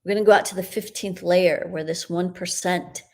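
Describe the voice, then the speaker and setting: A middle-aged woman hosting a live broadcast and leading a guided energy clearing in a meandering, soothing, spiritual way. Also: fairly low pitch, steady tone, normal speed. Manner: meandering, spiritual, soothing, with soft laughs and fillers.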